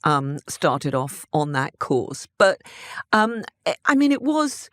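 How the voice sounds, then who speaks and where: A woman in her fifties or older, a former news correspondent, telling stories from her career in a conversational interview, animated and laughing often, with many restarts. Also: low-pitched, slow, no room sound, clean studio sound.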